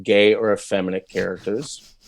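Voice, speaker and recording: A man's voice: on the low side, level tone, moderate pace, vocal fry. A man, a voice actor, chatting candidly and with self-deprecating humor as an interview guest. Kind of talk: casual interview chat.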